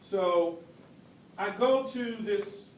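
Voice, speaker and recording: A man in his forties from Brooklyn giving an earnest motivational keynote speech, telling stories with deliberate pauses. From Brooklyn, New York. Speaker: keynote speaker. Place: large hall at a ceremony. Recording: echoey hall, distant mic, faint rumble.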